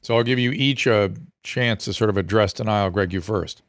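Man, host, panel discussion, low voice, dry close sound, measured. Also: clear, resonant tone, no room sound. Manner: thoughtful, measured, with frequent fillers and restarts.

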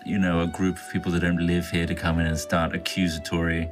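Deep deadpan man player. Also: fairly quick, music in the background.

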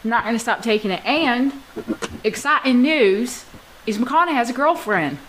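A young woman from Georgia co-hosting a podcast in casual chat, blunt and joking, often trailing into low mutters. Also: animated, normal speed, a bit bright, poor audio. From Georgia, USA. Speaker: podcast co-host. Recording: faint background noise.

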